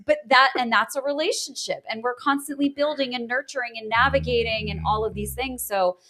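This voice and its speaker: A woman's voice: fairly high pitch, fairly quick. Chatty woman podcast host. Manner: animated, rising into laughter, chatty with fillers. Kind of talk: casual interview chat.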